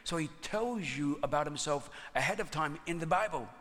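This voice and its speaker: A man preaching a sermon, telling stories in an animated way and laughing often. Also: on the high side, moderate pace, in a large hall. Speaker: pastor.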